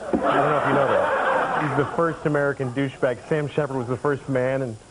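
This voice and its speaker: A man in his thirties from the Boston area, a comedian guest telling absurd stories deadpan, rambling along and now and then yelling. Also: medium pitch, brisk. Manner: deadpan, rambling with sudden yelled bits. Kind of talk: deadpan absurd talk-show storytelling. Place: TV studio. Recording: old VHS broadcast with tape hiss.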